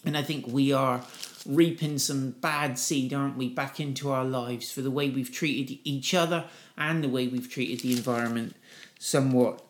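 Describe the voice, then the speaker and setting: A man's voice: medium pitch, steady tone, moderate pace. Man giving a chatty Bible teaching. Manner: conversational, reads scripture with raised voice for quotes. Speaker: preacher.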